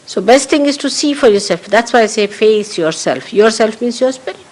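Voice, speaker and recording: A woman's voice: fairly high pitch, lively intonation, moderate pace, darkish tone, rough recording. A woman giving a spiritual talk to followers, emphatic and repeating her key phrases, in an archival recording. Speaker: spiritual teacher.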